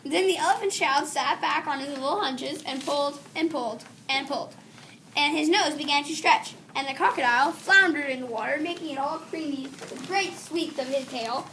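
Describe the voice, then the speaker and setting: High-voiced woman reading a storybook aloud. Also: normal speed, pushed and bright. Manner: stops to correct herself while reading. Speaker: teacher. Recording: distant mic with faint background hiss.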